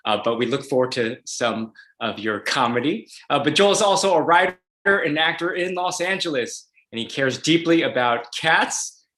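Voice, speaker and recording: A man's voice: mid-range voice, sharp tone, echoey room. A man hosting a video interview as a legislator, upbeat and reading an introduction with some fillers. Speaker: host, state legislator.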